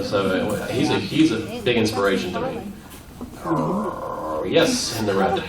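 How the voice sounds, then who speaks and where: A man answering fan questions at a convention panel, animated and playful, laughing often. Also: fairly low pitch, a little slow. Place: convention room at a university. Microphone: audience camera from far off. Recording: echoey room, far off, crowd around.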